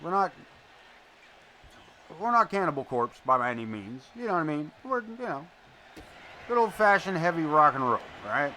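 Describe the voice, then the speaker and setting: Bright-voiced profane wrestling commentator man. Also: on the high side, very animated, moderate pace, pauses often, a little hiss or hum. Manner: profane, blunt, chatty asides. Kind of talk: live play-by-play commentary mixed with casual chat.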